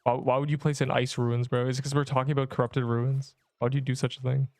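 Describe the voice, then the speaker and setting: A man commentating his gameplay on a livestream, excitable, laughing often and rambling through asides. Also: medium pitch, fast talker, no echo, faint music behind.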